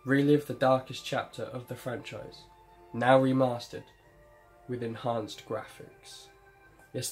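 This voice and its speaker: A man giving sarcastic, jokey commentary over a video game, laughing often. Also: mid-range voice. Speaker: gameplay commentator. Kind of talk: joking let's-play commentary.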